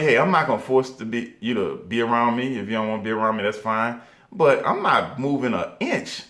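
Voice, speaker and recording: Urgent preachy man in an echoey room. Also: a bit bright. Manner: urgent, preachy, pitch swings widely when emphatic. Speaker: video host. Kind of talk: impassioned monologue to camera.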